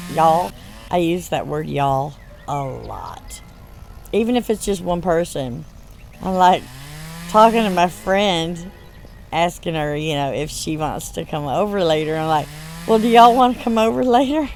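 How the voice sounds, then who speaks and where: A woman's voice: fairly low pitch, slight background noise. A woman with a Southern US accent, raised in the South after a Michigan childhood, chatting in a rambling way over gameplay and laughing between words. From born in Michigan, raised in the US South. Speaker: gaming channel host. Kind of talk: casual chat over gameplay.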